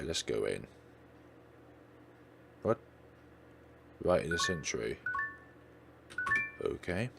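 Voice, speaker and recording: A man's voice: sits low, creaky, background noise. A man hosting a let's play, musing aloud as he plays and reading the dialogue aloud. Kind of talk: game commentary.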